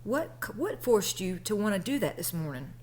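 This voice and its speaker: A woman imitating a calm male school guidance counselor who talks slowly and gently. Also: mid-range voice, slight background noise, lightly acted. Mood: probing.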